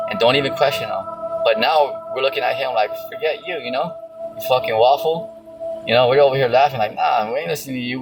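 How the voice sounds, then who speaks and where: A man's voice: mid-range voice, rough recording. A man preaching casually and reading scripture, rambling with lots of fillers and some cursing. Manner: rambling, heavy on fillers, profane. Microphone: phone screen recording.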